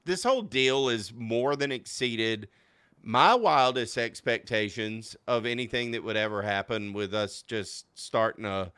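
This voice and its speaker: A man from Louisiana hosts a laid-back podcast conversation, his voice bright and crisply clear. He talks excitably, laughing often and stumbling through quick restarts. The sound is dry and close, with no room around it. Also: mid-range voice, no echo. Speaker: podcast host. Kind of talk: casual podcast chat.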